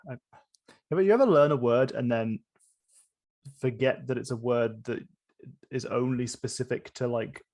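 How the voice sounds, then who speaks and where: A man serves as game master, narrating a tabletop game in a halting way, full of fillers and restarts. His voice is medium in pitch with a darkish tone.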